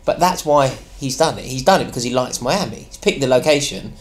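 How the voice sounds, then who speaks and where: A man guest on a football podcast, animated and prone to stammered restarts. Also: medium pitch, brisk, a little hiss or hum. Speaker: podcast guest, fan channel presenter. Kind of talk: casual football podcast chat.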